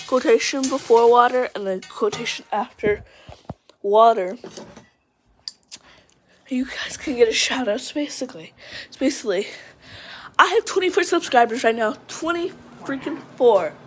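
A young woman vlogging casually, rambling excitedly and calling her viewers "guys" as she talks through a prank. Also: on the high side, moderate pace, slight background noise. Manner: rambling and chatty, often addresses the viewers as guys; excitable, with frequent fillers and restarts. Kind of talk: casual chat to camera.

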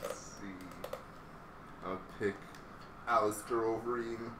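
A man's voice: on the low side, little pitch movement, takes it slowly, recorded from a distance. Laid-back man, off-mic in an echoey room. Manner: laid-back, short replies, frustrated cursing when losing. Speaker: gamer. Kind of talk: casual let's play banter. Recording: echoey room, away from mic, faint hiss.

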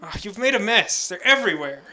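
Young guy with a high really bright voice, jokey gaming commentary, laughs a lot. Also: big pitch swings, a little fast, faint music behind. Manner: joking, laughs often, reads game text aloud. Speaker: let's play commentator. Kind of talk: casual gaming chat.

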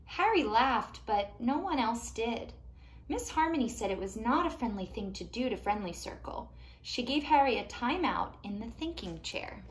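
A woman reading a picture book aloud to young children, animated and pausing to ask them questions. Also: a little high. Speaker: children's storytime reader.

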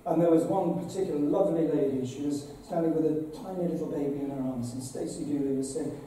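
A man's voice: on the high side, fast, dark tone. A man, a bishop, giving an earnest, conversational address to an assembly, with dramatic retellings. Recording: very echoey hall, voice from far off, faint noise.

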